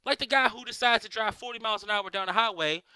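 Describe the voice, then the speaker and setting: A man's voice: high voice, fast, bright, forceful tone, smooth, no room sound. A man doing a profane stand-up comedy rant, full of exasperated rhetorical questions. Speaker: amateur stand-up comic.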